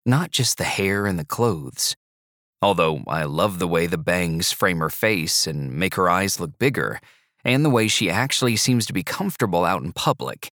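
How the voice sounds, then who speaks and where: A man narrating an audiobook in the first person, with a measured, even storytelling delivery. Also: deep voice, no room sound, clean studio sound.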